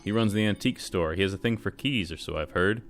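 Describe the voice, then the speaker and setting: A man's voice: sits low, fast talker. A man reading video game dialogue aloud as a weary, grumpy older townswoman, brusque and dismissive.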